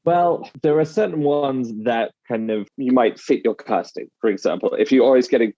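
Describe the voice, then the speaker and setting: A man's voice: mid-range voice, moderate pace, warm tone, no echo. A British man, a dialect coach, explaining his work in conversation and acting out quoted phrases. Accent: British English. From United Kingdom. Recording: slightly dull lo-fi sound.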